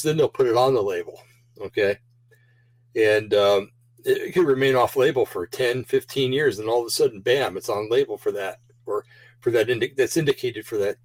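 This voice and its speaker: A man's voice: medium pitch, moderate pace, no echo, poor audio. A man hosting a show in a casual, rambling monologue, full of fillers and restarts, and slightly out of breath. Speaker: show host.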